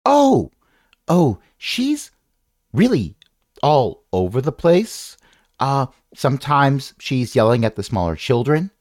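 A man's voice: mid-range voice, sing-song, measured pace, darkish tone, no room sound, clean studio sound. A man running a tabletop game as game master, rambling and correcting himself with wry asides.

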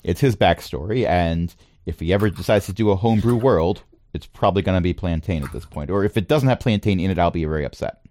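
A man narrating a tabletop game as its game master, relaxed and playful, with frequent ums and asides. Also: low voice, fast.

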